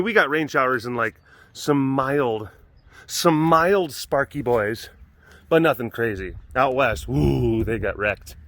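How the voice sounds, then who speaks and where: A man's voice: mid-range voice, fairly bright tone, no room sound. A man hosting a casual vlog outdoors at an animal facility, telling a story in a jokey, rambling way full of restarts. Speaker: vlog host at an animal sanctuary.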